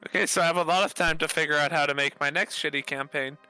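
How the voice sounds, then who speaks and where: A man's voice: on the high side, fairly even intonation, fast, sharp tone, clear, resonant tone, no room sound, faint music behind, low-quality recording. A man chatting casually as a tabletop game player, making dry, joking remarks. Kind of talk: casual chat.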